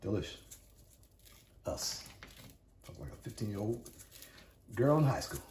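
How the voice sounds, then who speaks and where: His voice runs on the low side, sing-song and a little mellow, at a normal speed, with a touch of hiss or hum. This cooking channel host is chatty and pumped in a casual video, working through catchphrases for viewers in his home kitchen and then out at the backyard grill. The camera audio is echoey and far away.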